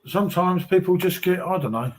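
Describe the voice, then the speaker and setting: A man bantering on a beer-review stream. His voice sits high for a man. He mocks, swears and jokes in casual chat. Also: animated, fairly quick.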